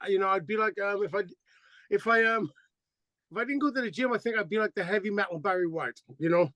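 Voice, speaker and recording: Middle-aged man, high voice, dry close sound, animated profane storyteller. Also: fast talker, no room sound. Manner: animated, profane, acts out quotes. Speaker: band singer, interview guest. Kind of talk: casual interview storytelling.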